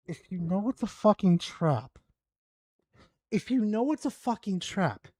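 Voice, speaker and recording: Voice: mid-range voice, very animated, unhurried, a little mellow, no room sound, studio quality. A streamer rambling and swearing in frustration while commentating a game. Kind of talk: gaming commentary while playing.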